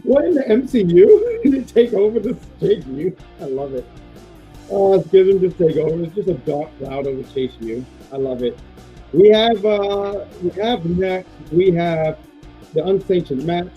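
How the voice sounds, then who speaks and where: Host, male, slightly high voice, loose playful rambler, dull lo-fi stream sound. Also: expressive, a little slow, soft background music. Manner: rambling, filler-heavy, playful. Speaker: podcast host. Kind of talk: casual wrestling prediction chat.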